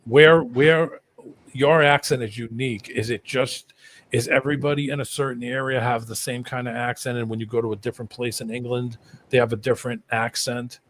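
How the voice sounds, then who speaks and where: A man's voice: mid-range voice, steady tone, brisk, fairly bright tone. A man hosting a live panel chat, stumbling a little as he asks guests questions. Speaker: host. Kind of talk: casual chat, asking questions.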